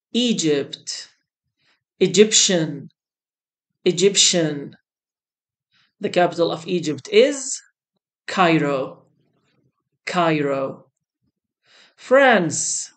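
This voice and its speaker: A woman teaching a beginner English lesson, saying each word twice, slowly and clearly. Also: low-pitched. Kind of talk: slow beginner English lesson, repeating words.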